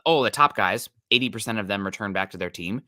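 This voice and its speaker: A man's voice: lowish voice, fast talker, pushed and bright, dry recording, clean studio sound. A man co-hosting a live sports podcast, greeting viewers and reading their comments in an easygoing way. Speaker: podcast co-host. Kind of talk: casual live-stream sports chat.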